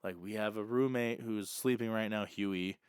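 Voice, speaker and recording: A young man co-hosting a podcast, telling an animated story and acting out the dialogue in casual chat. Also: fairly low pitch, moderate pace, smooth, no echo, studio quality. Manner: animated, acts out quoted dialogue. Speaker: podcast co-host.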